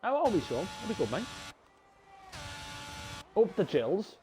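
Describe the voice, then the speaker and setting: A young man giving live sim racing commentary, chatty and excitable, talking to his viewers as lads. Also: high voice, unhurried, noisy background. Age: young adult. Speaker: race commentator.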